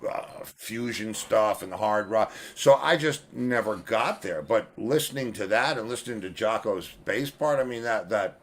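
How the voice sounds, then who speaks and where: A man's voice: lowish voice, normal speed, hardly any pauses. Older man hosting a rambling music chat. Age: 70s. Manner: rambling, swears freely, many restarts. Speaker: host. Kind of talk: casual chat.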